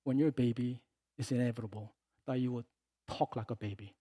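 A man preaching a sermon as a pastor. He is animated, swinging from soft asides to loud, emphatic passages, and acts out the words he quotes. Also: mid-range voice, fairly quick, husky, no room sound.

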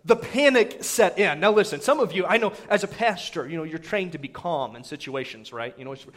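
Preaching in a high voice, this man in his thirties tells a personal story from the pulpit in a lively, conversational manner, frequently breaking off for brief asides to his congregation.

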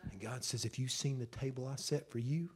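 A middle-aged man, preaching a sermon in an emotional storytelling way that swells loud at the peaks. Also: medium pitch, fairly even intonation, brisk, slightly rough. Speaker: pastor.

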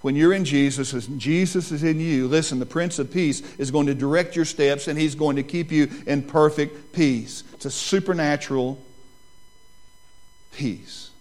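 A man preaching a sermon as pastor, moving between hushed, slow lines and loud, rising pleas. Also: a little high. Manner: slows down to stress key lines.

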